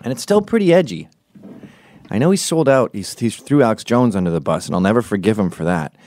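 Fairly low and darkish, the voice is animated and moves fairly quickly. A man in his forties rants through a profane, opinionated comedic podcast monologue, stopping to perform the voices of people he quotes.

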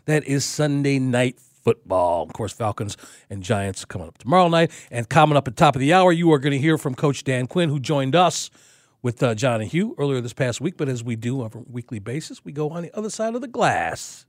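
A man's voice: mid-range voice, lively intonation, brisk, no echo, clean studio sound. A man hosting a sports radio show, upbeat and laughing often as he reads promos and banters.

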